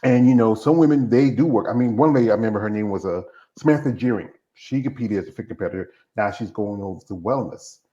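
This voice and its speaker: Low-voiced man on a dull, lo-fi recording. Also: warm tone. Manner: rambling, halting with many fillers and restarts. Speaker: interview host. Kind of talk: casual interview chat. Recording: dull lo-fi sound.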